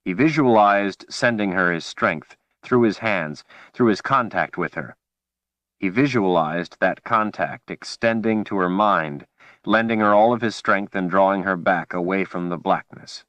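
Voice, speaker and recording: Deep-voiced male audiobook narrator. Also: fairly bright tone, no echo. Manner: measured, dramatic storytelling.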